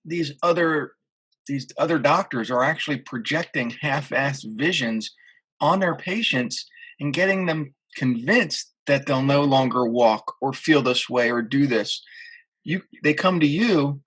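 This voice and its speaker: A man's voice: medium pitch, a bit bright, husky, poor audio. A man hosting a casual interview, speaking earnestly with small hesitations. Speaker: interview host.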